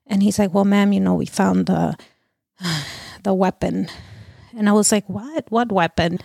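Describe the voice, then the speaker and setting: A middle-aged woman telling her own painful story as an interview guest, halting and full of restarts and fillers. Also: mid-range voice, fairly even intonation, gravelly, dark tone, no echo, studio quality. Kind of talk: emotional personal testimony.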